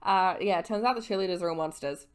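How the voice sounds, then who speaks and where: A young woman in her twenties, a little tipsy, talks fast in a lowish voice. She's a vlogger giving a casual, rambling book recap, swearing and correcting her own slips.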